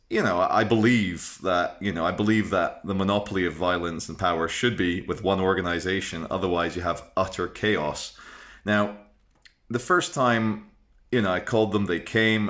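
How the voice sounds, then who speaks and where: A man's voice: deep voice, fairly bright tone. A man in his thirties telling a personal story to camera in a chatty, rambling, frank way, with fillers and restarts. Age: 30s. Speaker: vlogger.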